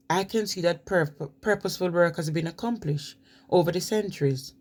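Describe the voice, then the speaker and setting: A woman's voice: sits low, a little mellow. A woman reads a prepared talk to her viewers. She keeps stopping to add emphatic asides of her own. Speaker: vlogger.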